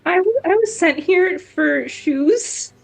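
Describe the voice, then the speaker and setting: A woman's voice: extremely high pitch, animated, gravelly, soft background music, pitched above the performer's own voice, full character voice. A woman playing a very tall antlered hexblood who stammers and halts, easily charmed. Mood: awkward. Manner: stammering, halting, giggly.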